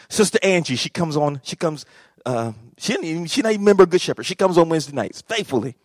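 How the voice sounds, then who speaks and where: A male pastor preaching a sermon, swinging from quiet talk to shouting and calling out to the congregation. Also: high voice, sing-song, quick pace, no echo, clean studio sound. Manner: repeats phrases, calls out to congregation.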